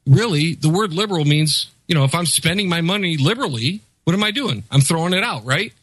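A man's voice: fairly high pitch, expressive, fairly quick, a bit bright, husky, dry recording, rough recording. An American man co-hosting a casual political chat, exasperated and ranting. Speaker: podcast co-host.

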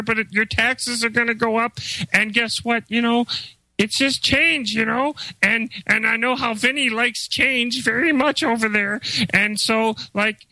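A man's voice: very high-pitched, sharp tone, dry recording, pitched above the performer's own voice, exaggerated voice, poor audio. A man putting on the voice of a pompous male politician, glib and evasive.

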